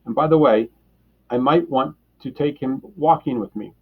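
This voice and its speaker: A man voicing a mild, earnest house painter in a children's story reading, close to his own voice, polite and husky. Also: mid-range voice, moderate pace, phone-quality sound. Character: mild-mannered male house painter, growing exasperated.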